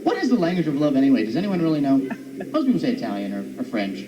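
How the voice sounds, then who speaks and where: A man doing a stand-up comedy set on stage, animated and jumping into high silly voices for his bits. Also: quick pace. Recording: dull old recording from far off, noisy.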